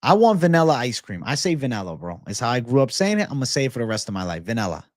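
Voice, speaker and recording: A young man hosts a loose, profane livestream and answers his chat directly. He fills his talk with "bro" and curse words. His voice sits at a middle pitch and sounds close and dry, with no room echo. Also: big pitch swings, quick pace, a little mellow. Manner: reads chat comments aloud and replies. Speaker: livestream host. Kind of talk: casual livestream chat with viewers.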